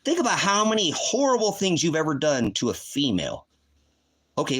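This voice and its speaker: A man's voice: on the high side, expressive, fairly quick, fairly bright tone. A man hosting a livestream, ranting in a heated, profane, accusing way. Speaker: livestream host. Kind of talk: angry livestream rant.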